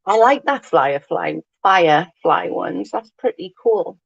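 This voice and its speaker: A woman's voice: fairly low pitch, lively intonation, a little slow, vocal fry, no echo, muffled recording. A woman, telling rambling stories with lots of giggles as she chats with her livestream viewers. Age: 40s. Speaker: livestream host. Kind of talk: casual chat with viewers.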